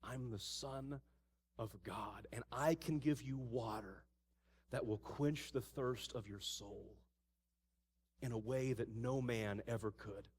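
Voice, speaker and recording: A man voicing Jesus in a sermon, speaking slowly and earnestly. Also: mid-range voice, a little hiss or hum, voice pushed down, lightly acted. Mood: solemn. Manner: slow, hushed and earnest. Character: calm, solemn male Jesus speaking. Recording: church hall with long reverb.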